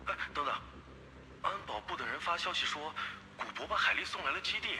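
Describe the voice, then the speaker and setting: An actor playing a devoted young father and base scientist, gentle and reassuring but urgent in a crisis. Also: a little high, animated, a little fast, background noise, natural voice. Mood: tender. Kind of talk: dubbed game cutscene acting.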